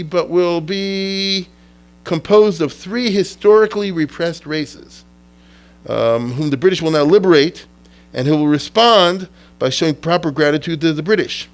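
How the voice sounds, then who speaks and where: Man, middle-aged, rabbi teaching history, casual lecture, acts out quotes, digressive. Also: fairly high pitch.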